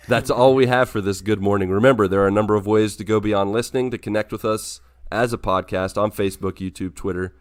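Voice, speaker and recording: A man's voice: fairly low pitch, dry recording, studio quality. A man hosting a casual podcast, joking around and wrapping up the show with playful sign-offs. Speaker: podcast host.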